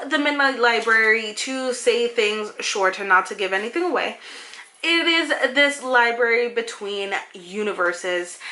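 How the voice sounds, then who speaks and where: A woman's voice: fairly high pitch, sharp tone. A young woman reviewing her favorite books in a casual vlog, gushing and emotional as she talks straight to her viewers, with many fillers and sudden bursts of speed. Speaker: book reviewer.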